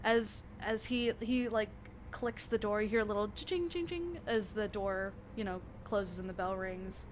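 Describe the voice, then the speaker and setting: A woman's voice: medium pitch, expressive, normal speed, hardly any pauses, a little hiss or hum. A woman game master narrating a tabletop role-playing scene, rambling and laughing often.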